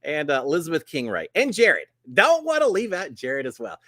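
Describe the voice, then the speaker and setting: A man's voice: fairly high pitch, huge pitch swings, normal speed, bright, forceful tone, no room sound, clean studio sound. A middle-aged man hosting a casual livestream chat, folksy and upbeat, with plenty of "uh" fillers. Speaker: host.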